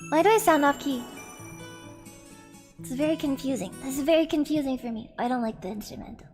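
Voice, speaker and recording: High-pitched girl streamer chatting between songs, slow and playful, faint music behind. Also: darkish tone, big-room sound. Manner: chatty, reads chat aloud, playful complaints. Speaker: streamer singing karaoke. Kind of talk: karaoke stream chat. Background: karaoke backing track.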